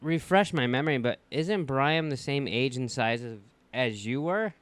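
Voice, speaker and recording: A man's voice: mid-range voice, lively intonation, moderate pace, fairly bright tone, smooth, no echo. A man co-hosting a podcast in casual chat, teasing and questioning with skeptical quips. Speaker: podcast co-host.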